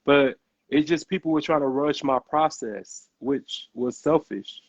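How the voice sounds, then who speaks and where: A young man in casual conversation, earnest and halting, stumbling over his first words. His voice has a gravelly edge, close and dry, on slightly muffled podcast audio. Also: on the high side, no echo. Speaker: podcast host.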